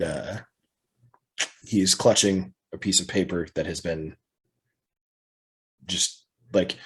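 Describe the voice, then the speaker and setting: A man's voice: on the low side, slightly rough. A man narrating a tabletop game as game master, with hesitant, filler-filled description.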